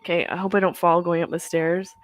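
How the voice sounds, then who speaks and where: A woman in her thirties hosts a live movie watch-along from her house, talking fast in a lowish voice with little pitch movement. While stoned, she rambles casually and jokes with crude humor.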